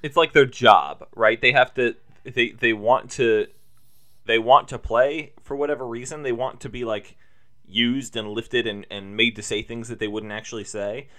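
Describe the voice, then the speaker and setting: Jokey man with a bright, forceful voice. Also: medium pitch, steady tone, normal speed. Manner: jokey, trailing off into quiet asides. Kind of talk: casual chat.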